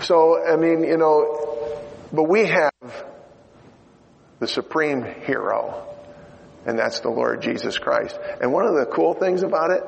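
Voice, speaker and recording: A man's voice: mid-range voice, unhurried, vocal fry, slight background noise. An older man preaching a sermon in a chatty, joking way, with many fillers. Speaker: pastor. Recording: dull lo-fi sound in a reverberant hall.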